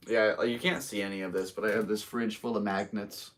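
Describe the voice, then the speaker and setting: A man's voice: lowish voice, very animated, fast talker, a bit bright, recorded from a distance. A man in his thirties with an American accent, hosting a solo live podcast and chatting casually and rambling to his viewers. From United States. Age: 30s. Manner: rambling, easygoing, talks to viewers. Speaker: podcast host and stand-up comedian. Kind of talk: casual solo livestream chat.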